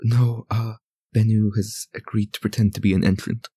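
A man voicing an earnest young character in a tabletop game, speaking in a lowered, reassuring tone. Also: flat delivery, normal speed, husky, no room sound, clean studio sound. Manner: softly lowered, reassuring delivery. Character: earnest young person, quietly determined.

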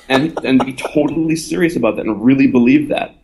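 A man of ordinary pitch gives a conversational talk at a live gathering. He is earnest and reasons aloud as he goes. He often slips into the voices of the people he quotes. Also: quick pace, noisy background. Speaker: author and invited speaker.

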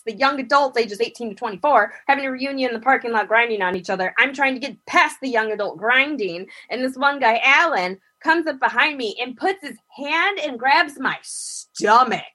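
A woman spinning a long, funny story in casual conversation, her bright and slightly breathy voice swinging high and low as she plays out each person's lines. She laughs her way through the telling. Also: normal speed, hardly any pauses. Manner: animated, acts out quotes with big pitch jumps, laughs often.

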